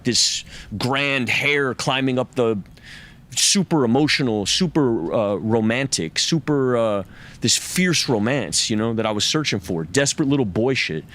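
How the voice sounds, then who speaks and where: Man, interview guest, raw profane storytelling, intense, mid-pitched voice. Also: animated, moderate pace, a bit bright. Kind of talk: candid personal storytelling in a podcast interview.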